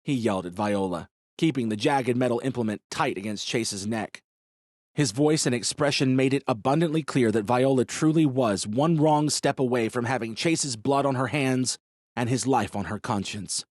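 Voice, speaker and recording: A man narrating an audiobook in a measured, dramatic storytelling manner. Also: mid-range voice, a little mellow, no echo, studio quality. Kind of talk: scripted narration.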